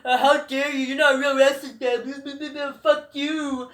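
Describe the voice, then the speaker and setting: A man mimicking a whiny, indignant male wrestler who scolds fans in a high, nagging, mocking voice. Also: level tone, normal speed, fairly bright tone. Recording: roomy echoing room.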